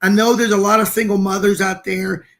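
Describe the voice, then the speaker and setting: Man, podcast co-host, earnest, gravelly, high pitched. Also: flat delivery, brisk, a bit bright. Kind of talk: casual podcast chat.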